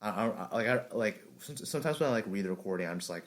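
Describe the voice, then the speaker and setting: A man recording an anime review, shouting lines with energy between low, mumbled, profane asides and retakes. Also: animated, fast talker. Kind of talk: unscripted commentary recording with retakes.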